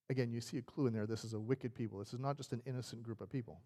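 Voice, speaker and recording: A man's voice: mid-range voice, fairly even intonation, racing, few pauses, warm tone. A male pastor preaching a sermon in a conversational, storytelling way. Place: church sanctuary. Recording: reverberant church sanctuary.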